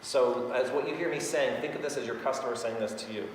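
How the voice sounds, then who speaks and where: A man giving a live sales training to an audience, chatty and quick to laugh, full of anecdotes. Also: mid-range voice, slight background noise. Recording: echoey hall recorded from far off.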